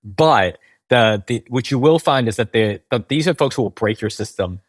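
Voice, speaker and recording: A man's voice: mid-range voice, lively intonation, moderate pace, no echo. A man, a game company founder, explaining in a conversational interview, tagging points with "right?" and restarting sentences.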